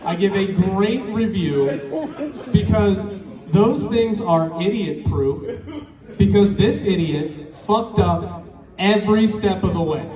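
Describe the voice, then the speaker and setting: A stand-up comedian with a voice that sits high tells crude, rambling stories at an open mic show in a bar or small venue, acting out the characters' quotes. The mic is distant in an echoey room, and the crowd can be heard reacting.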